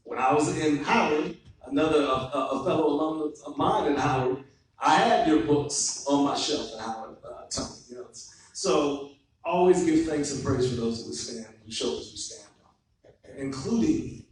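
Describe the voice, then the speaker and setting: A man's voice: fairly high pitch, moderate pace. Man guest speaker, earnest and reverent public address; big echoey hall, mic at a distance. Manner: earnest, reverent, gives thanks to elders. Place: courthouse event hall.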